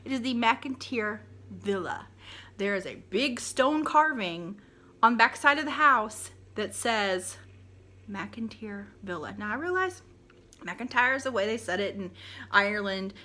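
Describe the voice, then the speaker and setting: A woman's voice: on the high side, bright, forceful tone. A woman paranormal investigator talking straight to camera in a blunt, exasperated, lecturing rant.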